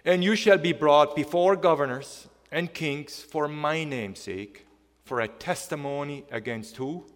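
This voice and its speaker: A man preaching a sermon, reading scripture aloud and asking the congregation questions, with slow, emphatic stress on key words. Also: on the high side. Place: church hall. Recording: long hall reverb.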